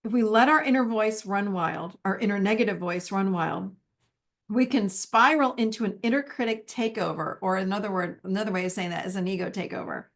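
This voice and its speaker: Speaking briskly in a mid-range voice, a woman leads a live masterclass in a warm, conversational style. Along the way she performs the small inner dialogues she holds with herself.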